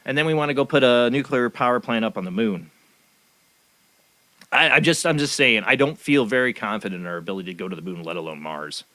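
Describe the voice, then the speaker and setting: Sarcastic male talk radio host, lively. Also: medium pitch, fast talker, no room sound. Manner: cynical, rambling and sarcastic. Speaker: show host. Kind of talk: casual talk radio commentary.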